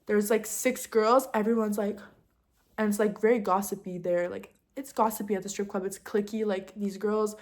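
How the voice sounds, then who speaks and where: A young adult woman telling a casual storytime, talking fast with lots of fillers and getting heated as she vents. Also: mid-range voice. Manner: fast chatty delivery with constant fillers; heated and animated when venting. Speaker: vlogger.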